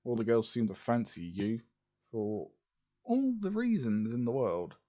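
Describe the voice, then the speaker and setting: An easygoing young wizard who loves to tease, as a man reads him in his own everyday voice. The line swings up and down in a lively way but never rushes. His tone is dark and mellow, like a relaxed fan-story reading. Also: mid-range voice. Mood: teasing.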